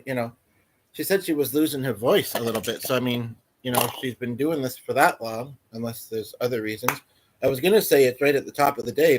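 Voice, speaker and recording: A man hosting a casual livestream, telling a meandering everyday story full of fillers and restarts. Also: medium pitch. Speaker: livestream host. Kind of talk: rambling casual livestream chat.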